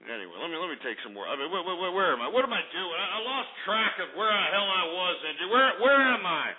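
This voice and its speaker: A man's voice: high-pitched, very animated, fast, breathy edge. Angry cursing radio host guy, fired up, sounds like a tinny phone line. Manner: angry, profane, repetitive ranting. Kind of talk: ranting talk radio with market report.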